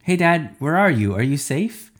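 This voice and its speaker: A man's voice: a little high, sing-song, normal speed, voice pushed up. A man voicing a young boy who is a living slice of pizza, eager and worried, in a storybook reading. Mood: alarmed.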